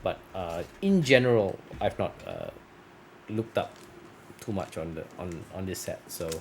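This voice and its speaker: A man's voice: deep voice, lively intonation, a little slow, creaky. A man chatting casually while opening card packs, rambling and correcting himself, his voice turning scratchy from long talking. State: voice getting scratchy. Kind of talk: casual unboxing chat.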